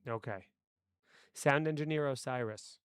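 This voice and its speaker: On a live stream, a man rambles casually to his chat while fiddling with his microphone settings. His medium-pitched voice moves at a measured pace with a clean tone. The desk mic gives clean studio sound with no room sound.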